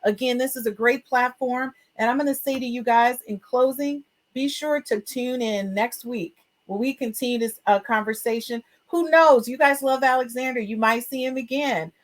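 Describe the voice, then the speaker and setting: This podcast host has a fairly high voice and talks at a normal speed. She's running an education show in a casual, chatty, upbeat way, full of fillers and openly expressive and emotional.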